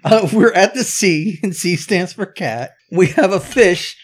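A man with a notably high voice in a casual podcast conversation about a film. He sounds blunt and exasperated and curses without hesitation. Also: measured pace. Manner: blunt and exasperated, swears freely. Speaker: podcast co-host. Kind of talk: casual movie discussion.

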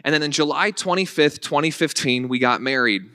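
A pastor in his late twenties preaching a sermon in a conversational, energetic way, often restarting his sentences. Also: on the high side, brisk, no echo, clean studio sound. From Northern Virginia. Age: late 20s.

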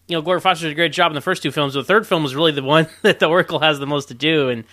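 Chatty bright-voiced trivia man. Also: fairly high pitch, racing, no echo, studio quality. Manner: chatty, animated, laughs often. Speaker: podcast co-host sharing film trivia. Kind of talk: casual chat.

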